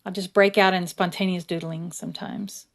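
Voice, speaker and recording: A woman casually explaining her journaling steps as she works, now and then slowly reading verses aloud. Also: on the low side. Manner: relaxed, chatty, reads verses aloud slowly. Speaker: creator. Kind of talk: casual craft tutorial narration.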